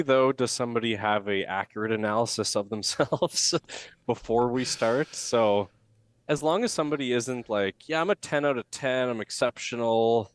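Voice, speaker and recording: Animated low-voiced male coach. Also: no room sound. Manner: animated, acts out rising intonation examples. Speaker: communication coach. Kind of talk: podcast interview.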